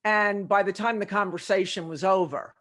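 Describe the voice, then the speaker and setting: A woman's voice: mid-range voice, moderate pace. A middle-aged woman, a leadership consultant, talking in a podcast interview and acting out conversations as she tells stories. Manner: animated storytelling with quoted dialogue.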